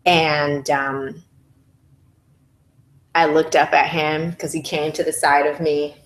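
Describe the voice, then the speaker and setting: A woman's voice: deep voice, little pitch movement, slow pace, pauses often, reverberant, poor audio. A mother telling her home birth story to a group, candid and profane, acting out her own screams. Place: room at a baby celebration.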